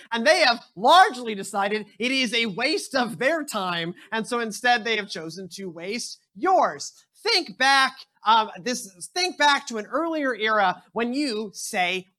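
Bright-voiced young preacher. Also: mid-range voice. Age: young adult. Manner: conversational, storytelling preaching with asides; measured, solemn reading. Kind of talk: scripture reading then sermon.

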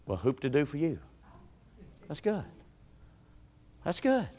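A man preaching a sermon in a church, swinging from loud shouts to low, quiet talk. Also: huge pitch swings, slow pace, in a large hall. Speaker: pastor. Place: church sanctuary.

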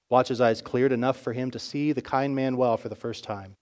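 A male pastor narrating a story in a sermon with expressive storytelling. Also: medium pitch, fairly quick, hardly any pauses.

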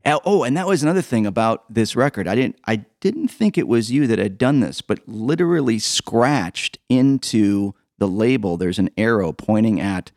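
A man's voice: on the low side, a little mellow, dry recording, clean studio sound. A man co-hosting a podcast, chatting casually about old records, laughing often and restarting his sentences. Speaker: podcast co-host.

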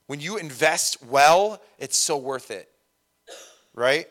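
A middle-aged man preaching a sermon to a congregation in a conversational, lively way, with self-deprecating asides about parenting. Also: a little high, takes it slowly. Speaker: pastor.

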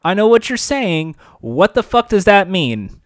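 A man's voice: high voice, sing-song, unhurried, no room sound, clean studio sound. A man hosting a casual commentary show, reading news aloud and riffing on it with sarcasm, rambling and frequent swearing. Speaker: podcast host.

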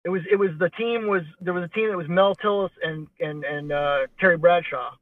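A man's voice: high-pitched, fairly quick, dry recording. Blunt rambling man on a tinny phone line. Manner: rambling storyteller, wry and blunt. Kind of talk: casual chat.

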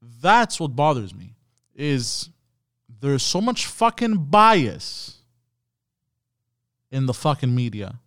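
A man's voice: mid-range voice, sing-song, slow pace, long pauses, fairly bright tone, no room sound, studio quality. A man streaming live, chatting casually and profanely with his viewers in a rambling way. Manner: profane, rambling, talks to chat. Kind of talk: casual ranting stream chat.

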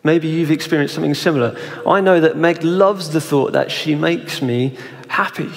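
Young preacher in a reverberant hall. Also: male voice, fairly high pitch, moderate pace, creaky. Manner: conversational, asks the audience questions. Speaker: pastor. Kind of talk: sermon.

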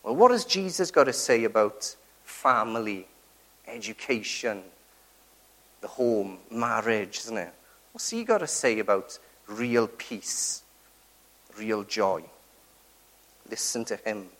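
A man's voice: on the low side, sing-song, slow, pauses often, fairly bright tone. A man preaching a sermon, earnest and emphatic, who keeps turning to the congregation with rhetorical tag questions.

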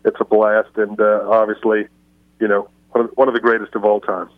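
A man's voice: fairly low pitch, little pitch movement, brisk, no room sound. A man, a baseball scout and guest, telling stories in a radio interview with lots of fillers and restarts, heard over a phone line. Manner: storytelling, frequent fillers and restarts. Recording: dry, phone-line sound.

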